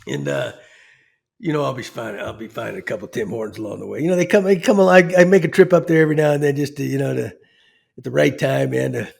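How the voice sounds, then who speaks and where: A man's voice: medium pitch, quick pace, vocal fry, darkish tone. A man hosting a casual sports chat show, talking in a folksy, rambling way full of fillers. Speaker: show host.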